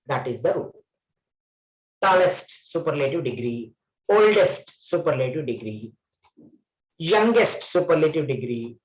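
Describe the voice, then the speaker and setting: A man's voice: on the high side, darkish tone, roomy sound, poor audio. A man teaching an online English grammar class, often repeating phrases and correcting himself. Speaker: English trainer.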